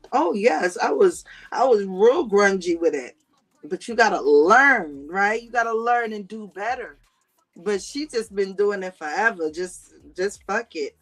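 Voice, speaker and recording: A woman hosting a casual livestream, reading viewer comments aloud. She talks in an animated, slangy way, laughs often and swears freely. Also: medium pitch. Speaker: livestream host.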